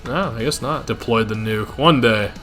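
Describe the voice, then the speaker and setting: A man's voice: medium pitch, normal speed, fairly bright tone, faint music behind. A man rambling casually as a gaming video creator, swearing when frustrated.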